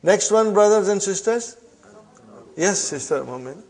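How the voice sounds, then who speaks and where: A man teaching a classroom Arabic grammar lesson, reading Arabic phrases slowly and explaining them in English while checking on his students. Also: high-pitched, expressive, darkish tone. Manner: addresses students as brothers and sisters.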